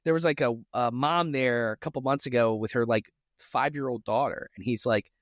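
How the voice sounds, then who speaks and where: A man co-hosting a podcast, telling a story in an animated way and slipping into voices. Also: mid-range voice, normal speed, dry recording, studio quality. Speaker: podcast co-host. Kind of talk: casual storytelling chat.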